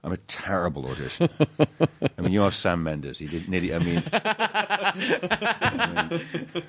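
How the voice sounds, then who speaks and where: A man, an actor, chatting in an interview, halting with many restarts and fillers, self-deprecating. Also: on the low side, very animated, fairly bright tone, husky. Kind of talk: casual interview chat.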